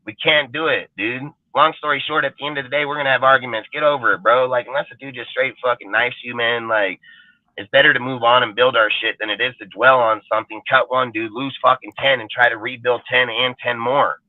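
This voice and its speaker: A man's voice: mid-range voice, steady tone, brisk, no room sound. A man hosting a fan show, ranting in a heated, profane, emphatic way. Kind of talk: livestream rant. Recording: dry phone-like audio.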